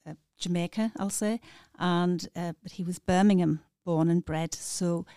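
A woman, a community volunteer, reading a humorous poem aloud with chatty asides and lively emphasis. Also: lowish voice, unhurried, smooth, dry recording, studio quality. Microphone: studio microphone.

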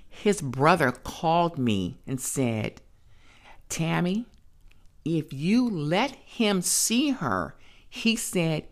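Older woman, grandmother, very low voice, blunt plain-spoken testimony, podcast guest. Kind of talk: personal testimony in conversation.

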